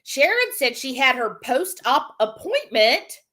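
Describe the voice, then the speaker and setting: A woman's voice: high voice, sing-song, a little slow, pushed and bright. A woman co-hosting a live cooking stream, chatting casually and reading out viewer comments. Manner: chatty and laughing, lots of "like" and "y'all".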